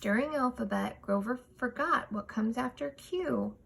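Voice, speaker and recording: A woman reading a children's picture book aloud, expressive and measured. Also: on the high side, vocal fry, husky. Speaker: storytime reader.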